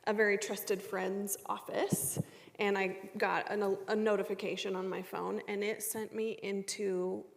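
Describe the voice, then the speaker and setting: A woman's voice: medium pitch, a little slow, vocal fry. A woman coach on a panel, telling stories and acting out her own inner thoughts. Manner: animated, storytelling, acts out her own thoughts. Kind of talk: panel discussion. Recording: reverberant hall.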